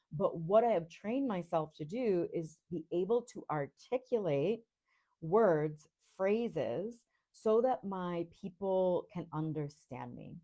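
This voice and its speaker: An American woman from Rhode Island, hosting a coaching podcast and teaching in a slow, deliberate, articulate way. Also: lowish voice, mellow. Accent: neutral American, Rhode Island traces on a few words. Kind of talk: teaching monologue.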